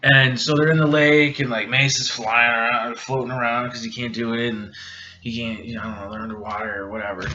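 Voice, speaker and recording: A man's voice: medium pitch, little pitch movement, bright, forceful tone, highs cut off, a little hiss or hum. Drunk man rambling through a plot. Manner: halting, rambling, many restarts and fillers. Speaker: video host. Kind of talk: rambling movie plot retelling.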